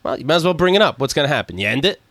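Blunt, animated man hosting casual chat. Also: on the high side, very fast, no room sound. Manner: blunt, joking, puts on voices when quoting. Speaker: podcast co-host. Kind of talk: casual crude comedic chat.

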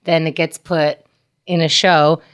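Blunt woman with a lowish voice. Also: little pitch movement, unhurried, clean tone. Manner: blunt, outspoken. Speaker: podcast co-host. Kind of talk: casual chat.

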